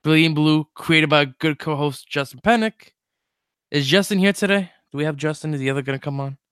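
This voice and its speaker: Energetic male sports podcast host. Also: fairly high pitch, a little fast, clean tone, dry recording, clean studio sound. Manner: energetic, stumbling restarts, jokey. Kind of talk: casual sports podcast chat.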